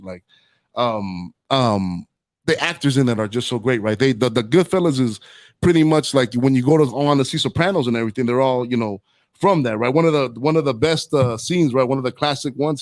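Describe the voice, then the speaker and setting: Fast-talking slangy man, dry sound. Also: medium pitch, dry recording. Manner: rambling, slangy, says "dog" and "right?" a lot. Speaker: podcast host. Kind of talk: casual chat.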